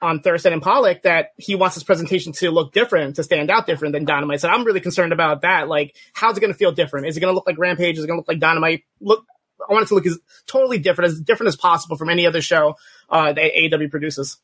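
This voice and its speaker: A man's voice: on the high side, rapid-fire, fairly bright tone, husky, no room sound. A man, a podcast co-host, talking eagerly and piling up rhetorical questions. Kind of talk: casual podcast chat.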